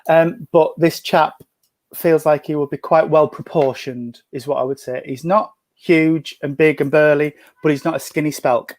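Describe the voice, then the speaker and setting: Man, gentle chatty medium, raised pitch, calling people sweetheart, home video call. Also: fairly even intonation, measured pace, no room sound. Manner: chatty, gentle, full of endearments. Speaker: spiritualist medium. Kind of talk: mediumship reading in an online service. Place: at home at a breakfast table.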